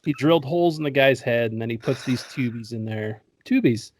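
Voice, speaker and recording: A man's voice: mid-range voice, fairly quick, noisy background. A man hosting a casual podcast, recapping a movie in a joking, profane way and laughing often. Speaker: podcast host.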